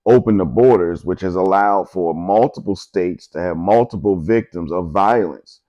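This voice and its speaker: A man's voice: sits low, normal speed, warm tone, lo-fi sound. A man hosting his own podcast, giving emphatic, conversational commentary and often asking "you know what I'm saying?". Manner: emphatic, repetitive, conversational with frequent filler asides. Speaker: podcast host. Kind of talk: opinionated solo podcast commentary.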